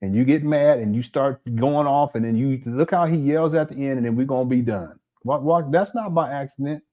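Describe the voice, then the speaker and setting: A man's voice: medium pitch, brisk, phone-quality sound. A man hosting a casual commentary video, laughing and making mocking asides. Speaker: commentary host.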